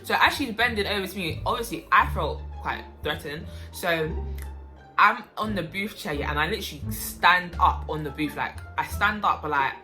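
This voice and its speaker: A young woman telling a story about her waitressing job in a casual, animated way, breaking into loud, high-pitched outbursts. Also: moderate pace. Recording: music playing behind.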